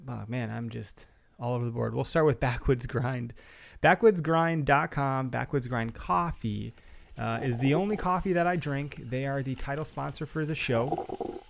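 A man's voice: medium pitch, vocal fry, a little hiss or hum. A man, hosting a podcast in a rambling, chatty way full of fillers. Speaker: podcast host. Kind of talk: casual solo podcast intro.

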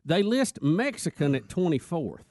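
A man co-hosting a radio talk show, reading out a ranked list in a chatty, deliberate way. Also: fairly high pitch, sing-song, a little mellow, no echo, studio quality. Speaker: radio co-host. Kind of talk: casual radio banter.

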